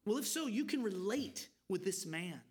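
A man's voice: sits high, very animated, normal speed, slightly rough. A man preaching an expository sermon, earnest and pleading, asking his listeners questions.

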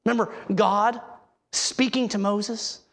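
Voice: medium pitch, fairly even intonation, slow, a bit bright. A preacher giving an emphatic sermon, asking the listeners rhetorical questions and sometimes restarting words.

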